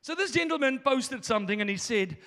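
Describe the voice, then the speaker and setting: A man preaching a sermon as pastor, impassioned, moving between quiet asides and shouted lines. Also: extremely high pitch, lively intonation, fairly quick, big-room sound.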